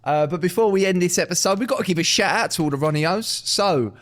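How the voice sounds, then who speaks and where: A man's voice: sits high, quick pace, a bit bright. A man hosting a podcast, joking and swearing in casual banter. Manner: jokey, sweary. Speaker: podcast host.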